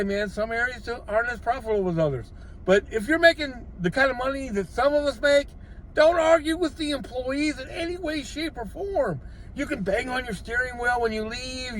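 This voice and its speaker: Blunt high-voiced older man giving advice. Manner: blunt, exasperated, lecturing with rhetorical questions. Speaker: gig delivery driver vlogger. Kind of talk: casual advice vlog.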